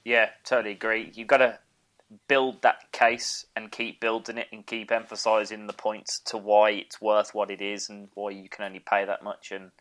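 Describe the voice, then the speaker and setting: A man hosting a podcast, asking questions in a relaxed, agreeable way. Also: fairly low pitch, normal speed. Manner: agreeable, encouraging interviewer. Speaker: podcast host. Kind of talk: casual podcast interview.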